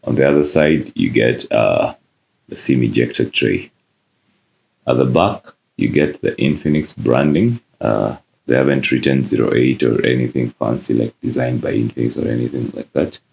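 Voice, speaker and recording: A man with a very deep, gravelly voice talks through an unboxing in a relaxed, casual way. He pauses often on "uh" as he goes. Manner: relaxed, many "uh" fillers. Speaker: tech reviewer.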